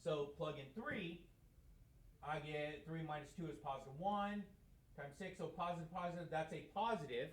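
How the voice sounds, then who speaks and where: Man, math teacher, classroom lecture, slightly high voice, roomy echo, asks and answers his own questions. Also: moderate pace. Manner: conversational, asks questions and answers them himself. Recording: echoey room.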